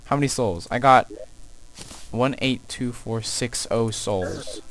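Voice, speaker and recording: A young man commenting on his own gameplay as he plays, muttering to himself and yelling taunts at enemies. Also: medium pitch, takes it slowly. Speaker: let's play gamer. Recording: game music loud behind the voice.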